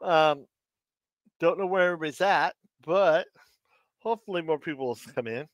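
A middle-aged man hosting a live stream, telling dad jokes in a slow, halting way and chuckling at his own punchlines. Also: a little high, dry recording. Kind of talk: casual live-stream chat.

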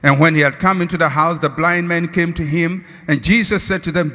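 A middle-aged man with a Ghanaian accent preaching a sermon, swinging between shouts and hushed tones. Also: a little high, fairly even intonation, fairly quick, few pauses. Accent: Ghanaian English. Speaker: pastor. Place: large church hall. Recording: reverberant hall.

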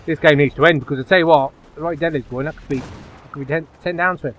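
A man giving live commentary over his own online shooter match, dropping to low muttering and then yelping loudly when the action heats up. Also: quick pace, slight background noise. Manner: excitable, swings from low muttering to loud yelps. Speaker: gaming YouTuber.

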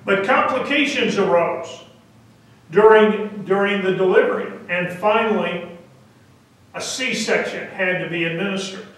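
A male pastor telling a story in a sermon, deliberate and halting now and then, recorded from a distance in a church. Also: sits high, fairly bright tone, heavy reverb. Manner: deliberate, with hesitant fillers. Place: church sanctuary.

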